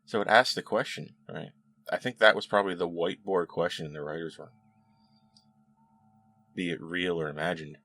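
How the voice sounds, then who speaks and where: A man hosting a casual spoken review, chatty and animated, with frequent laughs and restarts. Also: deep voice, moderate pace, vocal fry, long pauses, soft background music. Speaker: show host reviewing episodes.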